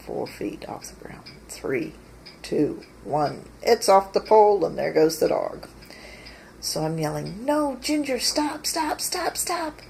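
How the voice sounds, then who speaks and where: A woman tells a story outdoors in a slow, gravelly, low-pitched voice. She takes her time and sounds amused as she relates the tale. Faint outdoor ambience hums behind her. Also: a little mellow, slight background noise, rough recording. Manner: unhurried, amused anecdote telling. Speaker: vlogger. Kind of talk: casual storytelling. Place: outdoors by a house porch.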